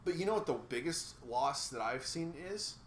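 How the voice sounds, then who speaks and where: Sarcastic, ranting man with a bright voice. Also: on the high side, animated, normal speed, reverberant, a little hiss or hum. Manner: sarcastic, exasperated, swears freely. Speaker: podcast co-host reviewer. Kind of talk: casual ranting review chat.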